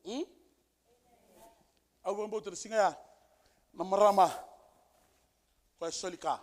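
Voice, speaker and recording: A male pastor preaching a sermon with emphasis, repeating key phrases and building to shouted peaks. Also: high-pitched, measured pace. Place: church service.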